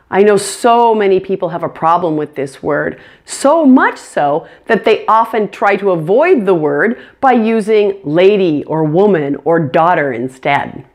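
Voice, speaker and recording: Slow, careful woman teaching. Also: mid-range voice. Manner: slow, careful, demonstrates sounds. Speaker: English pronunciation teacher. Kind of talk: pronunciation lesson.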